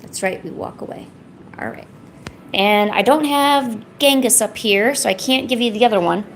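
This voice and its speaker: A young woman streaming, coaxing and teasing her cat in a playful, high-pitched baby-talk voice. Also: lively intonation, moderate pace, creaky, a little hiss or hum. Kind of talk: live-stream chat.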